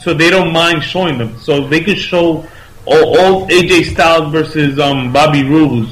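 A man's voice: fairly high pitch, moderate pace, a bit bright, rough recording. A man co-hosting a casual chat, rambling and arguing his point with some swearing.

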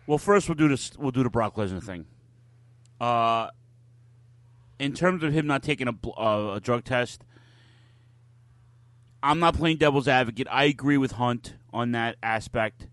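A man's voice: mid-range voice, measured pace, long pauses, fairly bright tone, dry recording. A man co-hosting a live wrestling podcast, talking casually and bluntly, swearing freely as he rants. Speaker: podcast co-host.

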